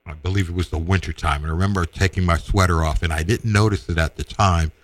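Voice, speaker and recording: A man casually telling a personal story, animated and acting out the voices of the people in it. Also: sits low, fast talker, no echo. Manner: animated, acts out quoted voices.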